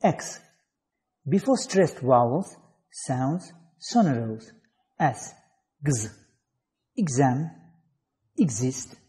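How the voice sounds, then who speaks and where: A man's voice: medium pitch, big pitch swings, very slow, long pauses, dark tone. A man from Azerbaijan, an English teacher reading letters and example words one at a time in an online phonetics lesson.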